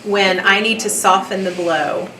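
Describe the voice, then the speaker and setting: A woman with a Southern US accent, a theatre professor giving a lively, chatty lecture and talking with her audience. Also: medium pitch, measured pace. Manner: chatty, animated, laughs often. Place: lecture hall. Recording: echoey lecture hall, distant mic.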